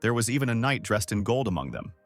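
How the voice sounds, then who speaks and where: Lively-pitched male story narrator. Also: quick pace, faint music behind. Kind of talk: scripted story recap narration.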